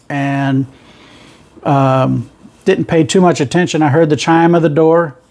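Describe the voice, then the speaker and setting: A man's voice: on the high side, a little mellow. A middle-aged man with a rural Southern American twang, a truck driver telling his road stories in a rambling, folksy way. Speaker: truck driver and channel host. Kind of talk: casual storytelling monologue.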